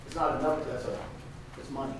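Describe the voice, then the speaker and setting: A man's voice: mid-range voice, level tone, fast talker, noisy background. An older man giving an emphatic motivational talk to a live audience, repeating phrases for effect. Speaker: conference speaker. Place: large conference room. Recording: echoey hall, mic at a distance.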